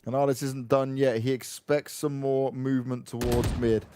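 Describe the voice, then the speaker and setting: A man calling esports play-by-play briskly, getting excitable on big plays. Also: medium pitch, clean tone, no echo. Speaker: esports caster.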